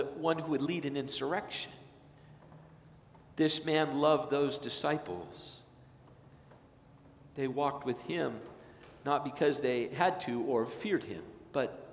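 Impassioned preacher in an echoing sanctuary. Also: male voice, mid-range voice, slight background noise. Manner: impassioned, swings from loud emphatic peaks to hushed slow phrases. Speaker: pastor. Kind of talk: sermon. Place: church sanctuary.

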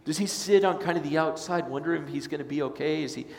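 A man's voice: a little high, fast talker, vocal fry. A man preaching a sermon as pastor, telling the story casually and acting out the voices. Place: church sanctuary. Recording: echoey sanctuary, long reverb.

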